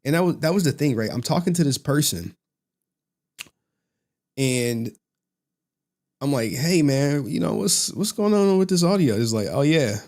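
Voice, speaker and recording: A man's voice: fairly high pitch, normal speed, long pauses. A man hosting a commentary channel, talking casually and telling stories with slang and frequent laughs. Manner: animated, joking storyteller who laughs often and slips into slang.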